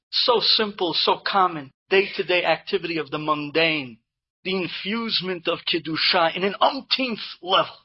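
Storyteller, male, husky midrange voice, animated, muffled lo-fi recording. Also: high-pitched. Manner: animated storyteller, mixes in Hebrew and Yiddish terms. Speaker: Torah speaker telling inspirational stories. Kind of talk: storytelling talk to a live audience.

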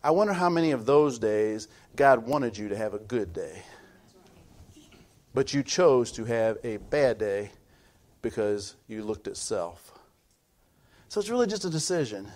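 A middle-aged male pastor preaching a sermon, swinging from loud emphatic build-ups to low quiet asides, with rhythmic repetition and call-outs to the audience. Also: lively intonation, a little slow, long pauses.

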